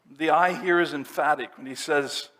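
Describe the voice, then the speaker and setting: A man's voice: a little high, moderate pace, a bit bright. Man preaching in a reverberant church. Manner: explanatory, teaching through scripture verse by verse. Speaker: pastor. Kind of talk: sermon. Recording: long reverb of a church hall.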